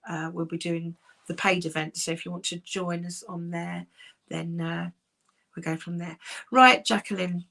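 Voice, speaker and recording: A woman working as a psychic medium, giving live-streamed readings in a soft, reassuring, chatty way with many pauses. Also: on the low side, steady tone, vocal fry. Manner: soft, reassuring, calls sitters "my darling".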